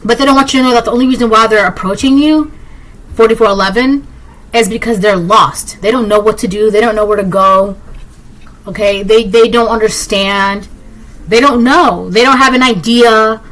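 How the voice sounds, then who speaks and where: A woman's voice: a little high, normal speed, fairly bright tone, low-quality recording. A woman giving a collective tarot reading, blunt and emphatic, repeating herself and talking straight to the viewer. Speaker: tarot reader.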